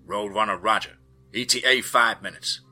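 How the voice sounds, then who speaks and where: A tough male helicopter pilot calling in over the radio, as the narrator puts him on. He talks in loud, clipped bursts, and his voice is husky and bright. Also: lowish voice, moderate pace, soft background music. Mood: terse.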